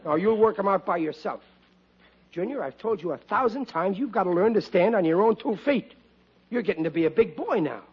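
An actor playing a stubborn, excitable working-class father in an old radio comedy, blustering and flustered. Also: high-pitched, fairly quick, breathy edge, exaggerated voice. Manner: blustering, flustered, stammers when cornered. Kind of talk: 1940s radio acting. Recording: dull lo-fi old radio broadcast.

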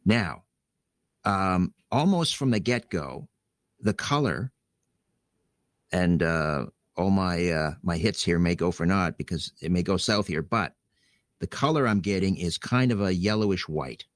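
A low-pitched man hosts a call-in radio show, talking in a measured, hesitant way with ums and drawn-out words. His voice is close and dry. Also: lively intonation, dry recording. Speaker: radio host. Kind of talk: late-night call-in radio.

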